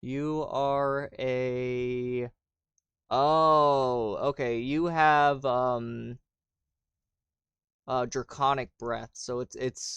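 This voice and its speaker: A man's voice: medium pitch, level tone, very slow, a bit bright, clean tone, no room sound. A man running a tabletop game as game master, talking casually and rambling with fillers.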